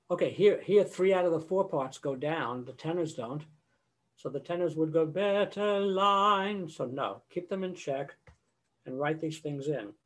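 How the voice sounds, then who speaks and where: Older male choral conductor, slightly high voice, chatty lecturing over a video call, sings snippets to illustrate points. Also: warm tone, slightly rough. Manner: conversational, sings example phrases mid-explanation.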